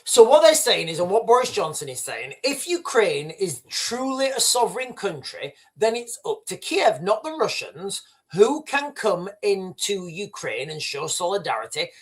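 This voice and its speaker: Brief: British male streamer, punchy opinion monologue, very animated pitch. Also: moderate pace, few pauses. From Britain. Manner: emphatic, repetitive, addresses chat directly. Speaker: livestream host. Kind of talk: opinionated livestream commentary.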